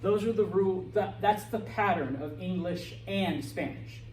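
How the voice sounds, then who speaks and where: A man's voice: high-pitched, a little slow, roomy sound. Man, Spanish teacher, classroom lecture, keeps asking "okay?", distant mic, faint background noise. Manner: checks in with "okay?" and "all right?" often.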